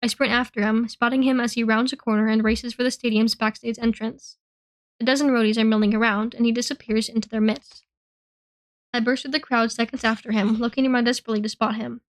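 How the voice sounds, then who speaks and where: A woman reading a novel aloud in the first person, telling the story in an expressive, earnest way. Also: fairly high pitch, quick pace. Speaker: reader.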